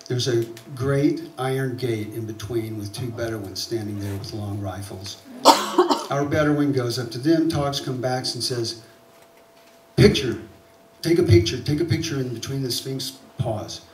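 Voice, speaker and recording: A man with a Southern accent tells a story on stage, animated and getting louder as the tension builds. His voice sounds roomy and a little distant, picked up from across a hall. There is a faint hum of ambience behind him. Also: mid-range voice, a little slow. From South Alabama. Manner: animated, building to loud excitement at tense moments. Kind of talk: live personal storytelling. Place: theater stage.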